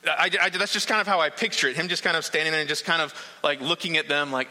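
A man's voice: fairly high pitch, fairly even intonation, fast talker, few pauses, pushed and bright, in a large hall, poor audio. A man preaching a sermon, earnest and emphatic, building points through repetition.

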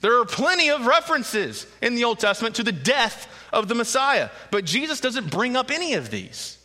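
A man's voice: very high-pitched, normal speed. A man preaching a sermon as pastor, conversational with joking asides, growing emphatic as he explains the passage. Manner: rises into emphatic, animated delivery when voicing the crowd. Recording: reverberant hall.

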